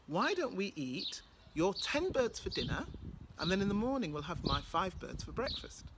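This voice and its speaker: A woman's voice: mid-range voice, very animated, normal speed, noisy background, close to an everyday voice. A woman with a British accent voicing a greedy, sulky big male rock, curt and grumbling. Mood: sly coaxing.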